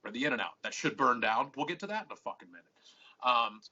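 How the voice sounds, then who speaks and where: A man's voice: medium pitch, lively intonation, fast, bright, forceful tone. A man hosting a podcast, telling a rambling story full of swearing and acting out both sides of each argument. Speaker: podcast host. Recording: muffled lo-fi podcast audio.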